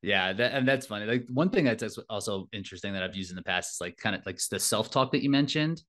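A man's voice: lowish voice, animated, quick pace, fairly bright tone. A man being interviewed as an elite fitness racer and coach, reflective in manner and often adding "like" and "right?" as he talks. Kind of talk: casual interview talk.

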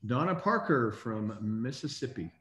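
A man hosting a casual online call, reading out names in an upbeat, brisk way. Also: mid-range voice, animated, fairly bright tone, roomy sound. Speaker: host.

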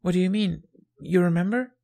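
Brief: man doing a keen young boy, high bright voice, excited questions, fan audiobook. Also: brisk, creaky. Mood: eager. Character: young boy, eager and impatient. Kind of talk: fan fiction audiobook reading.

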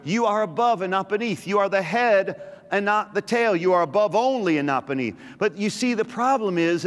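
Male pastor, high register, emphatic preaching with repetition, reverberant church hall. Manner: emphatic, repeats phrases, teases the congregation. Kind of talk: sermon.

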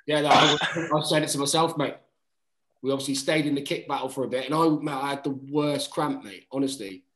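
A man's voice: mid-range voice, fairly quick, echoey room, slight background noise, rough recording. A man, a rugby player, telling a story in casual chat, swearing freely and acting out quotes, calling everyone mate. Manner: animated, acts out quotes.

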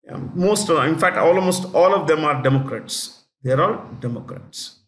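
A man lectures on current affairs, pausing to repeat names and numbers for students taking notes. His voice sits a little high for a man. The room around him gives a noticeable echo. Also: animated, fairly bright tone. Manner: repeats key facts slowly for note-taking. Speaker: teacher. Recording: echoey room.

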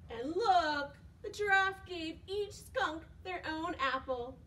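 Recorded from a distance, a young woman with an extremely high voice takes things slowly as she leads preschool storytime. The children's librarian sings action songs and reads a picture book aloud, animated and sing-song, with gasps and questions directed at the kids.

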